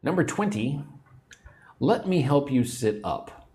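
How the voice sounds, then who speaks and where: A man's voice: mid-range voice, very animated, slow pace, dark tone. A man teaching an English lesson on a livestream, patiently repeating words for learners and sounding a little sleepy. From United States. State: sleepy, yawning.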